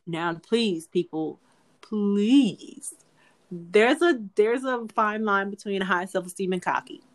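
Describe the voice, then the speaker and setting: A young woman co-hosting a casual podcast, speaking in an earnest, pleading way. She circles back and repeats words as she pushes her point, and her voice sits at a middling pitch for a woman. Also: takes it slowly. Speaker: podcast co-host. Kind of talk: casual chat.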